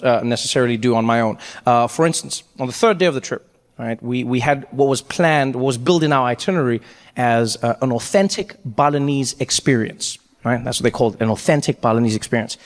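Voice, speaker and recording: A man from Africa doing stand-up comedy, telling a story in an animated way and jumping into acted voices. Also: mid-range voice, long reverb tail.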